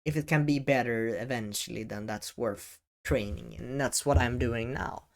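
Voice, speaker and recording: A man in a talking-head video addresses the camera at a middle pitch. He speaks deliberately, pausing often and leaning hard on important words. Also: creaky. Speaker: educational video creator. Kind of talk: talking-head advice vlog. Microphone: camera-facing setup.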